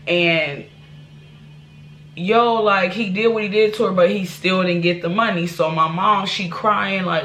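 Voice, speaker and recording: A woman's voice: on the low side, normal speed, a bit bright, slight background noise. A woman vlogger telling a personal life story to her viewers, candid and rambling, with restarts and asides. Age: adult.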